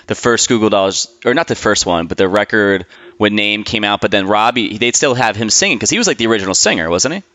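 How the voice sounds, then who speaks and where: Male podcast host, deep voice, animated intonation, chatty and profane questions. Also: fast talker, dry recording. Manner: eager, swearing, chatty questioning. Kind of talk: casual conversational interview.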